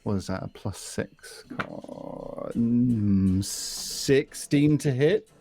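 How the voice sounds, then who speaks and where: A man's voice: medium pitch, expressive, very slow, gravelly, dark tone. A man playing a tabletop game who talks through his character's actions in a thoughtful, hesitant way. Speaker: player.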